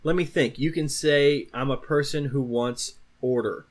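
A gloating old man who runs a school with a fixation on order, read aloud by a man. He sounds self-satisfied and menacing, and his voice sits at a middling pitch. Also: steady tone, a little slow, close to an everyday voice.

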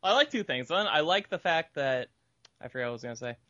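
A man co-hosting a casual podcast, relaxed and laughing often. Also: on the high side, fast talker, no room sound, lo-fi sound. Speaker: podcast co-host.

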